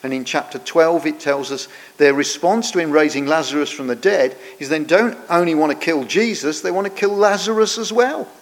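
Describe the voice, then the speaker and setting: A man preaches, explaining scripture in an earnest, teaching way. His phrases often sink quieter as they end. His voice rings out with a long reverb, as in a large church. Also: fairly high pitch, moderate pace, hardly any pauses. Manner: earnest, explanatory, drops softer at the ends of phrases. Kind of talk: sermon.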